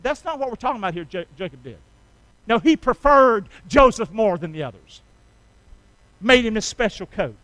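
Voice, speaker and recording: A middle-aged man preaching a sermon, calling on the congregation to repeat lines with him and rising loud on key phrases. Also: high-pitched, clear, resonant tone, dry recording, low-quality recording. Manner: call-and-response preaching, asks congregation to repeat. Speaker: pastor.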